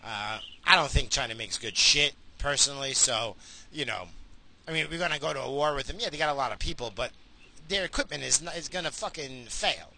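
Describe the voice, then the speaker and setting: Crude, bright-voiced man ranting while driving. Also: mid-range voice, brisk, vocal fry. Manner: crude, rambling, swears constantly. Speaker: vlogger. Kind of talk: profane rambling rant while driving. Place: car, driving.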